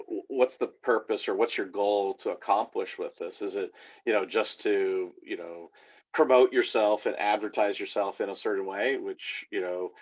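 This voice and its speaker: A man's voice: on the low side, muffled recording. A man hosting a casual interview chat, speaking loosely with many fillers. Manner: loose, full of "you know" fillers. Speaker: host.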